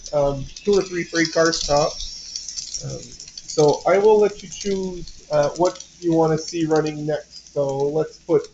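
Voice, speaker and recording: A man's voice: fairly high pitch, a little mellow, highs cut off, slight background noise. A man with a French Canadian accent, hosting a casual model train livestream from home, rambling with lots of fillers and restarts. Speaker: livestream host.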